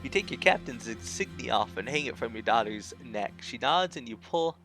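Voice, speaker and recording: A man's voice: medium pitch, lively intonation, normal speed, hardly any pauses. Man reading a story game aloud over music. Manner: reads narration and dialogue aloud, stumbling over words and correcting himself. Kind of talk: let's play, reading game text and choices aloud. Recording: game music clearly behind the voice.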